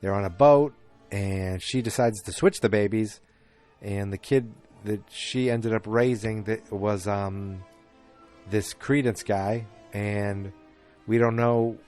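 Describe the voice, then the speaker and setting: Low-voiced man rambling through a movie recap. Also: fairly even intonation, slow pace, darkish tone, faint music behind. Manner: rambling, with many fillers and restarts. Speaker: podcast host.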